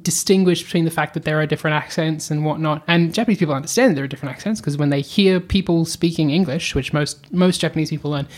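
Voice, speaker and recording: A woman co-hosting an anime podcast, retelling the plot in a chatty, animated way full of fillers. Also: sits low, fast talker, few pauses. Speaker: podcast co-host. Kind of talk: casual anime podcast chat.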